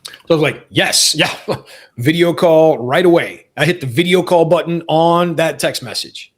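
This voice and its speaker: A man's voice: on the high side, moderate pace. A man hosting a podcast in casual conversation, talking earnestly and repeating phrases for emphasis. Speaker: podcast host.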